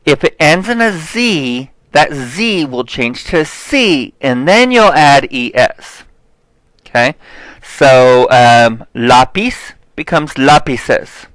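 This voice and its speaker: A man teaching a Spanish lesson, explaining grammar step by step and checking in with "okay?", saying example words slowly. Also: medium pitch, lively intonation, fairly bright tone, no room sound, low-quality recording. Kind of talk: recorded classroom lesson.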